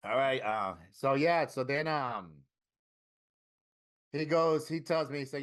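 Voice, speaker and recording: A man's voice: mid-range voice, slow, long pauses. Profane, candid middle-aged man telling his story. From Florida, USA. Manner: candid, profane, animated in quoted dialogue. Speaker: interview guest, tattoo artist. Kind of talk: emotional storytelling interview.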